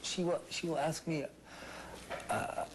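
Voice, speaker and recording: A man being interviewed in casual chat, joking about himself and mixing halting Spanish into his English. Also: a little high, steady tone, background noise. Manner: self-deprecating, mixes broken Spanish into English. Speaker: interview guest, singer.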